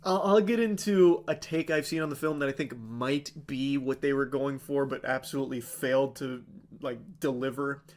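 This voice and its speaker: A man's voice: medium pitch, normal speed, darkish tone. A man live-streaming a casual, sarcastic movie recap, rambling with lots of "like" and swearing freely. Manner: rambling with many fillers like "like".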